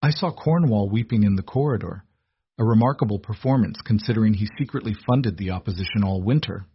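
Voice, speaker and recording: A man voicing a gruff, sardonic maidservant in a storybook reading, speaking bluntly. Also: on the low side, a little fast, dull audio.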